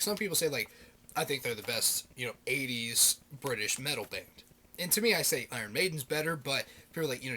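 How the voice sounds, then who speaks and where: A married man vlogging about his favorite metal albums, swearing constantly in an animated, ranting way. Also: a little high. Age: adult, married. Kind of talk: casual rant.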